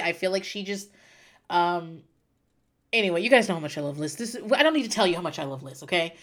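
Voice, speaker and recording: A woman's voice: on the low side, lively intonation, moderate pace, fairly bright tone. A woman in her thirties, a podcast host, telling a personal story in a casual, chatty way, with lots of fillers and restarts. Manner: chatty, tearful-then-laughing storyteller with frequent fillers.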